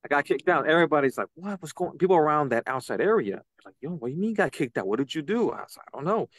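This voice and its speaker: Excitable man, podcast guest, fairly high voice, dry close sound. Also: racing, dry recording. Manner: excitable, acts out quoted voices. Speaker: podcast guest, citizen news reporter. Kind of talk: animated storytelling.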